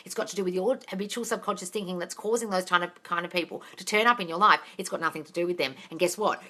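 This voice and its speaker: This is an Australian woman with a bright, forward voice, answering viewer questions on a casual live stream. She is frank and unfiltered, swears now and then, and calls her audience darling. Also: on the low side. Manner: reads out viewer comments in a lively voice.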